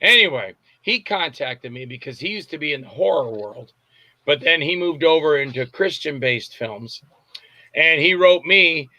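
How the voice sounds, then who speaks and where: A man's voice: a little high, animated, moderate pace, bright, forceful tone, dry recording. A man, a film director, being interviewed and telling long, rambling stories, often stopping to search for names. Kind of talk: casual interview storytelling. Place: lives in Tampa.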